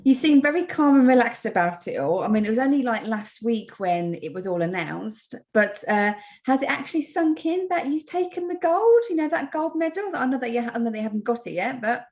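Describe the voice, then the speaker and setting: A woman's voice: a little high, sing-song, brisk, few pauses, darkish tone. Cheerful woman host asking questions. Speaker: interviewer, host. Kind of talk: casual interview.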